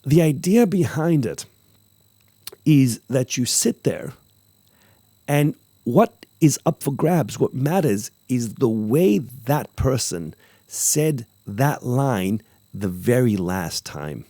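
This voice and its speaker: A man hosting a podcast, talking casually about acting craft, animated and repeating phrases for emphasis while acting out example lines. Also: medium pitch, slow, no room sound. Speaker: podcast host, acting teacher.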